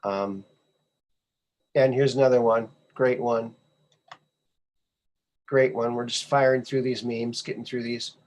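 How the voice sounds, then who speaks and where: A man hosting his own podcast, reacting to memes in an unhurried, drawn-out way. He sounds sarcastic and scoffing and says things twice for effect. His voice sits at an ordinary middle pitch for a man. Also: little pitch movement, a little mellow. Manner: sarcastic, scoffing, repeats himself. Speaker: podcast host. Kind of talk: casual commentary on memes.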